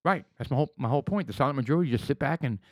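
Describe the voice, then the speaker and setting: A man co-hosting a casual political chat in a blunt, animated way, swearing often. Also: mid-range voice, rapid-fire, dry recording. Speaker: podcast co-host.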